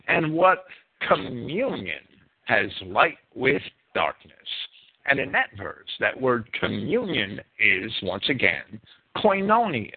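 Slow emphatic preacher with a New Jersey accent. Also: male voice, medium pitch, creaky, breathy edge. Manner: emphatic, deliberate, stretching key words. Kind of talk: bible teaching sermon. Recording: phone-like narrow sound.

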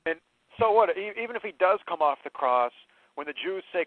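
A man with a higher-pitched voice hosts a talk show and rebuts a text he reads aloud. He sounds indignant and emphatic, with stumbling restarts. The sound is tinny and phone-like, with a dry, close feel. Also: animated, fairly quick, no room sound.

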